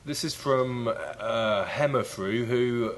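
A man's voice: mid-range voice, takes it slowly, low-quality recording. A man hosting a comedy podcast, talking in a dry, laid-back joking way. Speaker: podcast host. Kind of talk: casual comedic banter.

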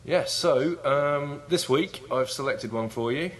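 A man's voice: a little high, takes it slowly, poor audio. A man hosting a comedy podcast, talking in a dry, laid-back joking way. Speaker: podcast host. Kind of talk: casual comedic banter.

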